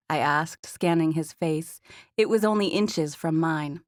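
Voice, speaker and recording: A woman narrating a romance audiobook in the first person, with smooth, even storytelling into a close studio mic. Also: deep voice, unhurried, no echo.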